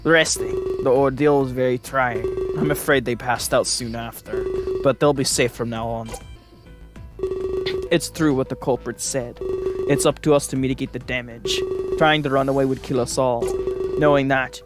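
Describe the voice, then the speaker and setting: Guy doing a calm serious manager type, measured, lowish and quiet, game music behind. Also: close to an everyday voice. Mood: grave.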